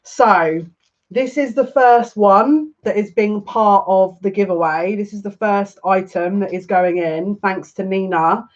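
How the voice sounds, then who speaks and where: A woman's voice: medium pitch, unhurried. Woman tarot streamer, casual and theatrical, somewhat muffled sound. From half Turkish. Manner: chatty, dramatic and self-mocking. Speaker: psychic tarot reader. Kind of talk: casual live-stream reading.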